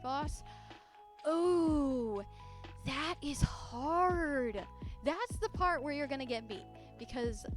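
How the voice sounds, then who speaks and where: A woman streaming a game live, excitable and giggly as she chats with viewers. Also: on the high side. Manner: excitable and giggly, talks to chat. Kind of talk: casual live-stream gaming chat.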